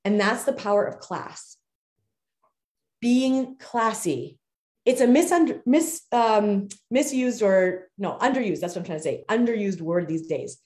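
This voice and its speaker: A woman hosts a live figure skating coaching show and gives a motivational talk, stressing and repeating her key phrases. Her voice is mellow and warm, and her words address the audience directly. The room adds a clear echo. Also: medium pitch, animated, unhurried. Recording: roomy echo.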